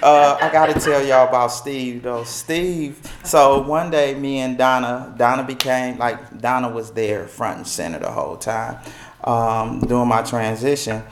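Middle-aged guy from milwaukee telling his story to a crowd, gravelly voice, roomy echo. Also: a little slow, background noise. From Milwaukee, United States. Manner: animated, acts out quoted voices with big pitch jumps. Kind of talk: personal storytelling to an audience. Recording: echoey room.

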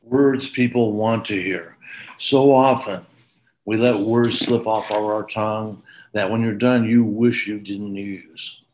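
A man's voice: fairly low pitch, fairly even intonation, slow pace, darkish tone, a little hiss or hum, poor audio. A man giving a training lecture to police officers, earnest and emphatic, with frequent repetition.

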